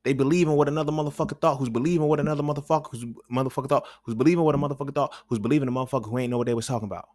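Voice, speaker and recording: A man's voice: mid-range voice, steady tone, racing, few pauses, a little mellow, dry recording. A man hosting a podcast, talking in a loose, rambling, profane monologue full of slang, often asking "you feel me". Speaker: podcast host. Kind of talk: casual monologue.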